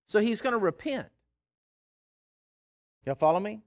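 A man preaching with a slightly high voice. His delivery is animated, leaping up and dropping low in pitch, and he stammers through repeated words and chuckles as he goes. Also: normal speed. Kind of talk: sermon.

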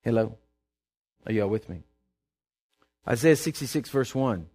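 A male pastor preaching a sermon, swinging from loud declaring to low confiding asides and calling out to the congregation in a folksy way. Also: lively intonation, unhurried, pauses often. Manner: folksy and conversational, calls out to the congregation.

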